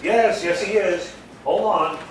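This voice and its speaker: A fussy, exasperated party host trying to calm everyone down, as a man acts him out on stage. His voice sits high and rings through a big echoey room, picked up from well back. Light room hiss sits under him. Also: takes it slowly. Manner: exasperated, trying to keep order. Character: flustered man fielding phone calls at a dinner party. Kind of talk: live stage comedy acting. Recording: echoey stage sound from a distant mic. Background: audience laughter.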